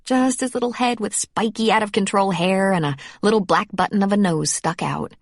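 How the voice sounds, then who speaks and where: A woman narrating a romance audiobook in a measured, even way. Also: medium pitch, no room sound, studio quality. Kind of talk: scripted narration.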